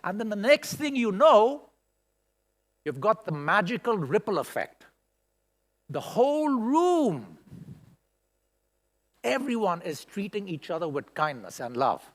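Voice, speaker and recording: A middle-aged man giving a conference keynote speech in a large hall, expressive and emotional, with many rhetorical questions. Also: high-pitched, a little slow, long pauses. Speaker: keynote speaker. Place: large hall at a school event.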